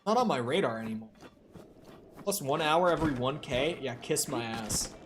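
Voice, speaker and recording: A man's voice: mid-range voice, animated, moderate pace, a little hiss or hum. A man from Minnesota with a light Minnesotan accent, chatting casually and swearing freely as he streams a game and answers chat. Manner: chatty, profane, reads chat aloud. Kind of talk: casual live-stream commentary.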